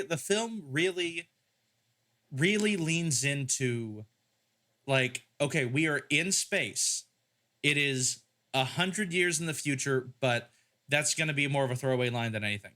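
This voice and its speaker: Bright-voiced man riffing on a podcast. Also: a little high, animated, unhurried. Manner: rambling, joking riffs. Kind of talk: casual podcast chat.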